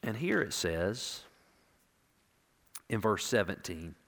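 A male pastor preaching an impassioned sermon, swinging from loud declarations to hushed, intimate moments and repeating words for emphasis. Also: on the low side, very animated, slow, creaky. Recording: long reverb of a large hall.

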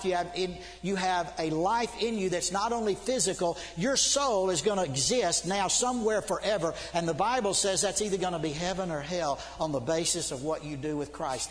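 A middle-aged man preaching a sermon, urgent and emphatic, swinging from loud to hushed. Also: high voice, moderate pace, few pauses. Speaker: preacher, seminary dean. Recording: long hall reverb.

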